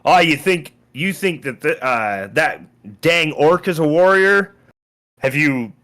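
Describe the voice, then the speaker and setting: A man puts on a high-strung soldier of a noble alliance, pitched up and loud, his voice swinging wildly as he scolds. He is anxious and quick to anger, a figure in a tabletop game. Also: animated. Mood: mocking. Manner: agitated, scolding. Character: frustrated male soldier of a noble alliance, anxious and hot-tempered.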